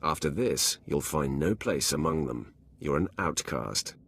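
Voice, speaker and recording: A video game Sith warrior: extremely deep, husky, cold and taunting. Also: male voice, expressive, unhurried, fairly bright tone, full character voice. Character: menacing male Sith warrior, cold and commanding.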